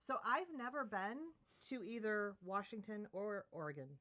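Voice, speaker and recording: A woman's voice: mid-range voice, expressive, normal speed, pushed and bright. A woman co-hosting a casual livestream, reacting to comments and chatting about her day. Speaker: co-host.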